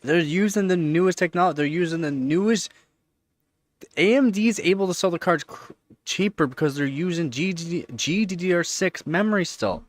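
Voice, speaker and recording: A man's voice: high voice, expressive, fairly quick. A man with a Canadian accent, hosting a live stream and chatting casually, rambling and repeating points for emphasis. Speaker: livestream host.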